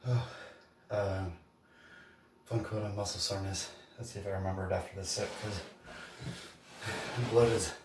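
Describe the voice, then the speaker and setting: A man's voice: low voice, steady tone, normal speed, pauses often, a little mellow, roomy sound, far from the mic, a little hiss or hum. A man vlogging his workout, out of breath and chatting between sets. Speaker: fitness vlogger. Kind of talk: casual workout talk to camera.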